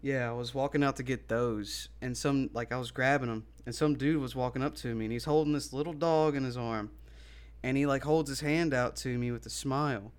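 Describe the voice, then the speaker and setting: A man's voice: mid-range voice, fairly even intonation, a little fast, clear, resonant tone. A young man co-hosting a podcast, telling a story casually with lots of swearing and laughter. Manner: laid-back, profane, laughs often. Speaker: podcast co-host.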